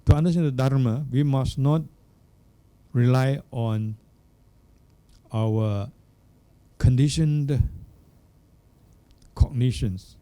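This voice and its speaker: Older male monk, dharma talk, extremely dark and warm timbre, measured halting delivery. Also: mid-range voice. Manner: unhurried, searching for words, checks in with "hmm?" and "yeah?". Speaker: Buddhist monk teacher. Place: Buddhist centre hall.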